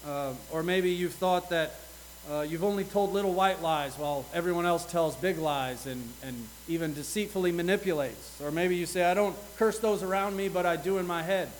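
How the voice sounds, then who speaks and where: High-voiced earnest male preacher. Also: a little hiss or hum, poor audio. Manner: earnest, reads scripture with rising intensity. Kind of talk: sermon.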